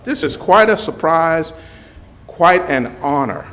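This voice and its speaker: An older man from the Gulf Coast speaks in a slow, unhurried way, his voice sitting a little high. He is a retired news anchor giving a heartfelt speech, mixing warmth with jokes told on himself. Faint room hum from a council chamber sits behind him. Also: lively intonation, rough recording. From Mobile, Alabama. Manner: slow, warm storytelling with joking asides.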